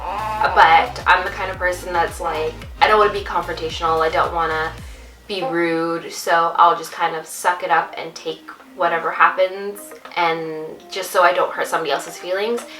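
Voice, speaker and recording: A new mother who vlogs tells her viewers a personal story in an earnest, confiding, direct way, calling them "ladies" and "mamas." Her voice is fairly low and sharp-toned, with fairly even intonation and a moderate pace. The recording has a roomy echo, a distant mic, and faint music.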